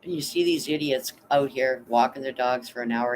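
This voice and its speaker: A man's voice: mid-range voice, moderate pace, hardly any pauses, a little hiss or hum, poor audio. A tired man chatting casually on a livestream, rambling and blunt, swearing now and then while reading out chat. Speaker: vlogger reading live chat.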